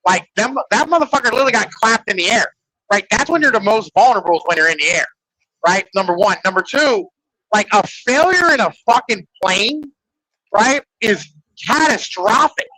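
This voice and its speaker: A man with a high, bright voice talking in loose podcast banter, packed with swearing and "like" fillers. The sound is dry and close, with no room in it. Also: expressive, normal speed, no echo, low-quality recording. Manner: rambling, profane, filler-heavy ("like", "right?"). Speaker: podcast host. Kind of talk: casual podcast chat.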